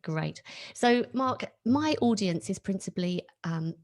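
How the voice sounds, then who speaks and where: A woman's voice: mid-range voice, animated, unhurried, darkish tone. A woman hosting an interview podcast, politely setting up her questions to the guest. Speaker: podcast host.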